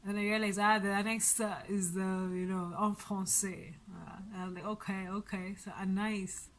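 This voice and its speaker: A woman chats to her viewers in a casual vlog, telling an everyday story. Her voice sits at an ordinary middle pitch. She rambles a little, restarts her sentences often and laughs lightly now and then. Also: flat delivery, moderate pace, a bit bright. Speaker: vlogger.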